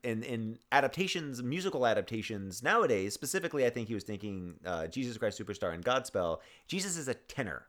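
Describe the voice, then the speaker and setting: A man in his thirties co-hosting a casual chat show, rambling and halting with many restarts and fillers. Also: mid-range voice, expressive, fairly bright tone. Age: 30s. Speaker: podcast co-host.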